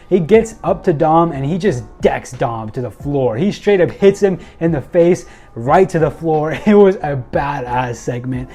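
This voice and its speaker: A young man excitedly recapping and commenting on a wrestling show, acting out quoted lines and using many fillers. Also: fairly high pitch.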